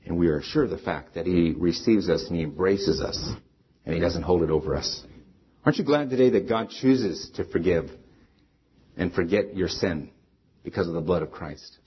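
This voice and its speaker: Husky-voiced man preaching earnestly. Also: low voice, normal speed. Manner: earnest, conversational preaching with personal stories. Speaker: pastor. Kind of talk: sermon. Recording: slightly dull lo-fi sound.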